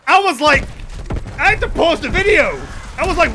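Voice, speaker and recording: Lively, high-voiced swearing streamer guy. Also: normal speed, a little hiss or hum. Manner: animated, swears a lot, rambling storytelling. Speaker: game streamer. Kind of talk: casual live-stream chat while gaming.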